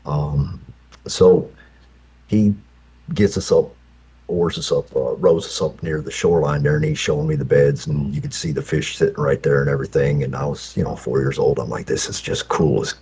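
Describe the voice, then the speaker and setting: Very deep husky man telling a story. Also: fairly even intonation, mellow. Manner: unhurried, full of fillers and restarts. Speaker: prisoner telling his story. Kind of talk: rambling personal storytelling.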